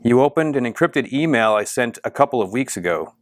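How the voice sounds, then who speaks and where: A man's voice: mid-range voice, expressive, brisk, dry recording, studio quality, natural voice. A man reading the lines of a desperate woman data scientist who hides her identity, urgent and pleading.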